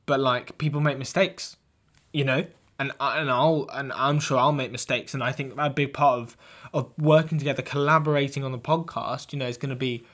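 A man's voice: medium pitch, a bit bright. A young man co-hosting a comedy podcast, talking in a hesitant, rambling, playfully earnest way. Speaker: podcast co-host.

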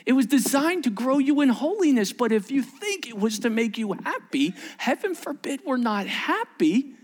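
A male pastor preaching a sermon, acting out dialogue and swinging between loud bursts and hushed near-whispers. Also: very high-pitched, big pitch swings, moderate pace.

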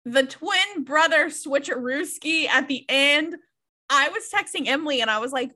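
A young woman talks through a book with a co-host in a loose, candid way. Her voice sits high and sounds bright and sharp. She laughs easily and drops swear words without a second thought. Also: expressive, moderate pace. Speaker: podcast co-host. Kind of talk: casual book chat.

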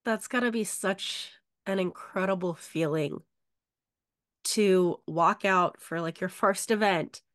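A woman's voice: lowish voice, slow. A woman hosting a podcast, chatting with a guest in a gushing, enthusiastic way and saying "like" a lot. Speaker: podcast host. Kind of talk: casual interview chat.

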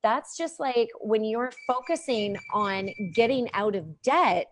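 A woman's voice: on the high side, expressive, slow pace, a little hiss or hum. A woman talking as a podcast guest over a video call, chatty and upbeat, saying "like" often. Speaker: podcast guest, NLP practitioner. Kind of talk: casual conversation.

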